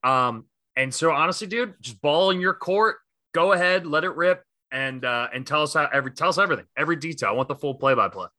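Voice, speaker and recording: A man's voice: a little high, animated, fast talker, bright, forceful tone, dry recording. A man co-hosting a casual sports podcast, talking enthusiastically and rambling with fillers and restarts. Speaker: podcast co-host.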